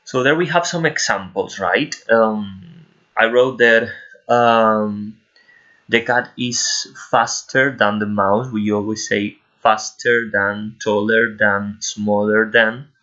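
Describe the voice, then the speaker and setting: Slow, low-voiced Spanish-accented male teacher. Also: steady tone, sharp tone. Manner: patient, repeats "okay?" to check understanding. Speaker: English teacher. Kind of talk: online lesson explaining grammar to pupils. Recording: muffled lo-fi sound.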